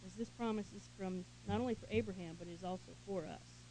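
A woman leading a Bible study, reading scripture with emphasis and commenting in a relaxed, conversational way with small laughs. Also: mid-range voice, quick pace, slight background noise, low-quality recording. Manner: reads scripture aloud emphatically, then comments in casual asides with small laughs.

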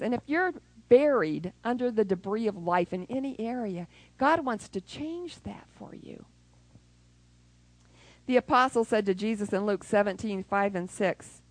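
A woman preaching a sermon who acts out prayers and little scenes, even with sound effects. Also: mid-range voice, measured pace, no echo, poor audio.

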